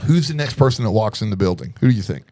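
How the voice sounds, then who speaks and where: A man's voice: on the low side, expressive, racing, mellow. A man telling a long story as a podcast guest in casual chat, acting out quoted voices and laughing often.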